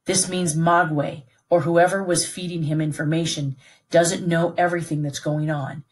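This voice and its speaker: Her voice is deep and natural, with a steady tone and normal speed, as a woman reads aloud. She gives voice to a middle-aged British plantation father, protective and steady, speaking earnestly and reassuringly to his son.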